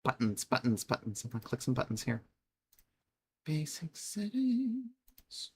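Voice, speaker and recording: A woman's voice: extremely low pitch, fairly even intonation, fast talker, slightly rough. A woman casually chatting and thinking aloud while she plays a game on a live stream, sometimes mocking herself. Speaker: livestreamer.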